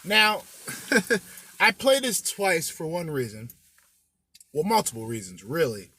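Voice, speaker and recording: A brash male podcast host talking straight to his listeners, swearing freely and ribbing them as he goes. His voice sits a little high for a man, loose and conversational rather than polished. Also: very animated, takes it slowly, bright, forceful tone, husky. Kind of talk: casual podcast commentary.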